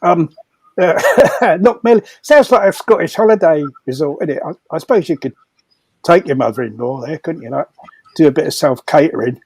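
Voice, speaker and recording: Telling prison stories at a comedy fundraiser, this older man speaks at a moderate pace in a husky, darkish voice on the high side. He wanders, repeats himself and laughs through each tale, captured in a dry recording with poor audio.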